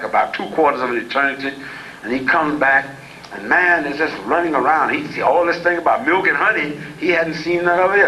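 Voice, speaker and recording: A man lecturing in a folksy, humorous storytelling way, wandering off into side stories. His voice sits high and bright. It sounds roomy, with faint noise behind it.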